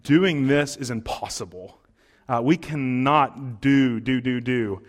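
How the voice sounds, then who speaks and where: A man's voice: mid-range voice, slow. A man preaching a sermon in a conversational way, with fillers and restarts, as pastor of the congregation.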